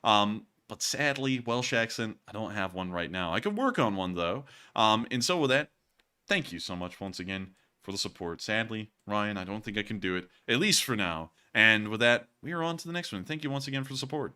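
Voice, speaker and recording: A man's voice: on the low side, animated, moderate pace, bright, forceful tone, clean tone. A man hosting a live stream, chatting casually in a rambling, wry way with lots of fillers. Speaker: host of a war news live stream.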